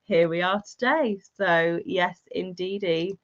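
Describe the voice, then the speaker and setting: Woman, livestream co-host, warm chatty manner, dull lo-fi sound. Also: on the low side, slow pace. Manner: warm, chatty, calls viewers honey. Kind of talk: casual livestream chat reading comments.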